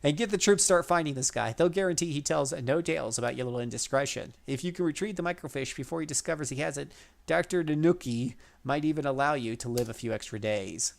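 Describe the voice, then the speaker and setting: Dorky spy dude making threats, voiced by a man, kinda high and gravelly. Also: fast. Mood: threatening. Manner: blustering and menacing.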